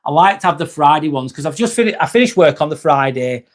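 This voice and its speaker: Chilled east lancs bloke on a livestream, fairly high voice, says mate a lot, bit sweary. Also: male voice, lively intonation, fast. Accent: East Lancashire. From Northwest England. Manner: laid-back, chummy, calls people "mate", swears freely. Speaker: livestream host. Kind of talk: casual live chat, reading viewer comments.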